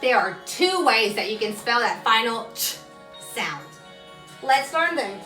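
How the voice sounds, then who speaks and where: A woman teacher giving a phonics lesson to children, sounding out letters slowly and clearly and asking listeners to say the words with her. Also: fairly high pitch, bright, forceful tone, roomy sound, recorded from a distance.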